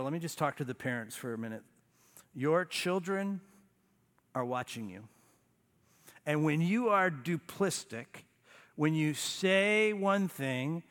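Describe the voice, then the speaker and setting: A man preaching a sermon as a pastor, emphatic, with dramatic pauses and sudden drops to a low, quiet voice. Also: big-room sound.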